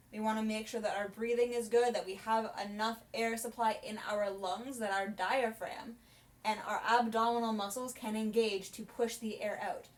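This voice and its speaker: A young woman, a soprano singing teacher, chatting through a casual vocal lesson in an explanatory way. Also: a little high. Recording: voice from a distance, piano behind.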